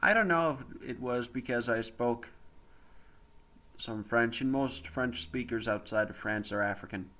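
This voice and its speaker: A man's voice: mid-range voice, a little slow, pushed and bright. A man in a casual livestream chat who makes blunt, teasing remarks.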